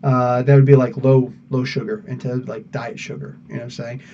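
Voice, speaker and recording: A man's voice: mid-range voice, little pitch movement, fairly quick, mellow, far from the mic, highs cut off, a little hiss or hum. A man hosting a live podcast, chatting loosely, laughing often and using many fillers. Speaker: podcast host answering live chat. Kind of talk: casual live-stream chat.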